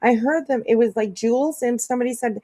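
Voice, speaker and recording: A woman's voice: fairly high pitch, fast talker, noisy background. A woman casually commenting on clips during a live stream, chatty and laughing often.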